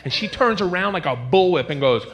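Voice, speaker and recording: A man doing a stand-up routine on stage, animated, breaking into squeals and shouts for effect. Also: high voice, fairly quick, muffled recording, background noise. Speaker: stand-up comedian.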